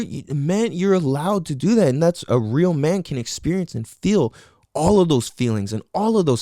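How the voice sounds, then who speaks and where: On his podcast, a young man delivers a candid, casual monologue about something personal, using loose, profane slang and frequent fillers like "you know." His mid-pitched, slightly mellow voice swoops up and down, recorded close and dry with no echo or room sound.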